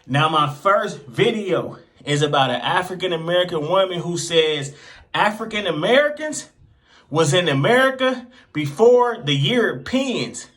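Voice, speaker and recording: Male host, high voice, playful casual hype, drags out phrases. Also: big pitch swings, fairly bright tone. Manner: playful, drawn-out hype lines. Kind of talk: casual video host commentary.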